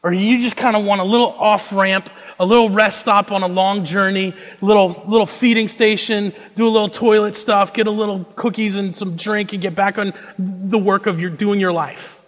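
A young man preaching a sermon, moving between hushed intensity and loud, emphatic delivery. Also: high voice, steady tone, normal speed, hardly any pauses. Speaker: pastor. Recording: long reverb of a large hall.

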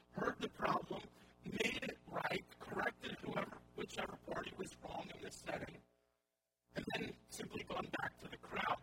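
A male pastor giving a sermon in a conversational style with wry asides, over a recording with hum and noise. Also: high voice. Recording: audible hum and background noise.

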